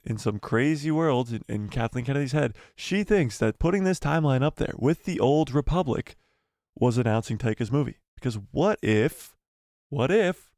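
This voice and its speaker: A man hosting a live stream, talking in an animated way and repeating phrases as he builds theories. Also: on the high side, dry recording, clean studio sound. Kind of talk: casual live-stream commentary.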